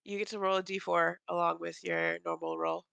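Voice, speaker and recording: A woman's voice: fairly low pitch, level tone, brisk, gravelly, fairly bright tone, clear, resonant tone, dry recording. A woman playing a tabletop game, hesitant and thinking aloud. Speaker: player. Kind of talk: casual tabletop role-play.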